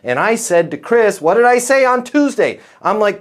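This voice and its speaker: A man coaching a group of salespeople in a live training session, talking in a folksy, animated way. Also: high-pitched, moderate pace. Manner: acts out quotes in different voices.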